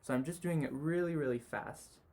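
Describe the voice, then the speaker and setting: A man teaching sketching, talking through a drawing as he makes it, relaxed and full of "you know" fillers. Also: fairly high pitch, moderate pace. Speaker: design tutor. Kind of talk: sketching demonstration.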